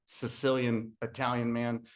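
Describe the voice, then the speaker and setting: An earnest man gives a motivational talk as a guest speaker. He tells a personal story in an open, heartfelt way and voices the dialogue as he goes. His pitch sits in an ordinary middle range. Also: completely flat delivery, unhurried.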